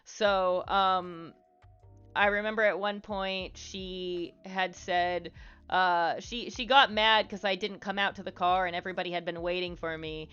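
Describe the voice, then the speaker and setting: A woman with a lowish, steady, a bit bright voice speaks at a measured pace with a clear, resonant tone. She's hosting a livestream and giving loose, frank social advice, rambling with plenty of "like" and "um" and swearing casually. The stream audio is slightly muffled, with faint music behind her.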